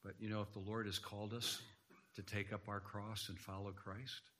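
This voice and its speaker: A man's voice: lowish voice, flat delivery, normal speed, a bit bright. A man preaching an earnest sermon in a church, quoting scripture and rising to emphatic points. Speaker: guest preacher. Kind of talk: sermon lecture.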